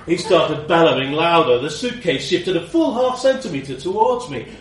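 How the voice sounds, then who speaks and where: A man narrating a first-person comic story with a wry, expressive, slightly profane delivery. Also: a little high, moderate pace, hardly any pauses, echoey room, recorded from a distance, a little hiss or hum.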